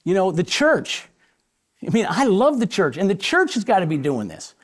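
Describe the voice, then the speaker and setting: A pastor talks in a live on-stage interview, emphatic and full of energy. His voice sits a little high for a man, and he stumbles over repeated words as he pushes his points. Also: wildly swooping pitch, moderate pace. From Chicago area. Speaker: pastor and guest speaker.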